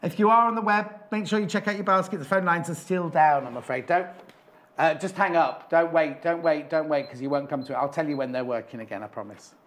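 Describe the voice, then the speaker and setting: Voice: mid-range voice, brisk, a bit bright. A shopping-channel presenter chatting with a guest and breaking off for viewer announcements.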